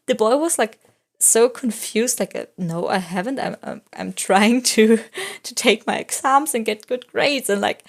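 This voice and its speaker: A woman's voice: on the high side, animated, moderate pace, vocal fry. A young woman, a non-native English speaker, chatting casually in a rambling voice-over, full of "like" fillers as she tells stories. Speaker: vlogger.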